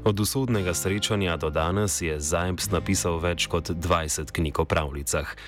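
A man hosting a show, reading a scripted narration in an even, measured way. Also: low voice. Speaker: radio show host. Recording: music bed under voice. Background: guitar music.

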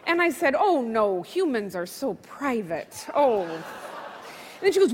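A woman's voice: on the high side, a little slow, breathy edge. A middle-aged woman telling a stand-up comedy story before a live audience, acting out a child's questions. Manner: animated, acts out her daughter's questions. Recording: live hall with crowd noise.

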